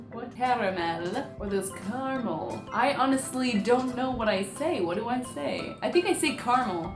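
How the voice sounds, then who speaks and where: A woman's voice: a little high, fairly bright tone. A young woman vlogging in a casual, rambling way, goofy and self-mocking. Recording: echoey room with faint music.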